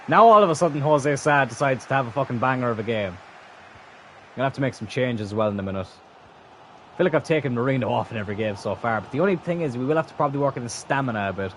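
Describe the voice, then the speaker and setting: A young man commentating his own football video game match as a streamer, swinging from calm remarks to frustrated, swearing outbursts. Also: mid-range voice, fast talker, a little hiss or hum. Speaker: gaming streamer. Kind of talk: live gameplay commentary.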